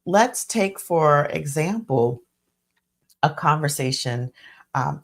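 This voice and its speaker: A woman hosting a live solo talk on communication, speaking reflectively and often correcting herself as she goes. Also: deep voice. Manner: reflective, self-correcting, many restarts. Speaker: coach and podcast host.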